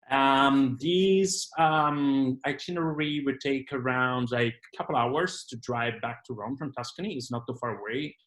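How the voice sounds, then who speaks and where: An Italian man with an Italian accent leads a virtual tour over a video call from his home in Canada, speaking indoors. He's enthusiastic and informal, using plenty of fillers, and his mid-range, fairly bright voice comes through on poor audio.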